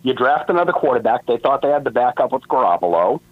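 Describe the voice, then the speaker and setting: A man's voice: mid-range voice, big pitch swings, fast talker, soft background music. A man from Boston calling in to a radio show, tipsy and laid-back in casual chat. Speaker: caller. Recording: dull lo-fi phone line.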